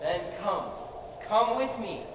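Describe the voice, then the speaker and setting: Man acting out the mighty north wind, stern and commanding, fairly high voice, stage play, distant booming hall. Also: expressive, takes it slowly. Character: ancient, mighty male North Wind spirit. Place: school theater stage. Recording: distant, echoey theater hall.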